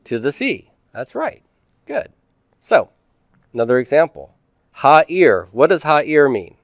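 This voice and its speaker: A man's voice: fairly high pitch, big pitch swings, takes it slowly, no room sound, studio quality. A middle-aged man teaching a class, explaining step by step and asking and answering his own questions. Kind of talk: classroom lecture.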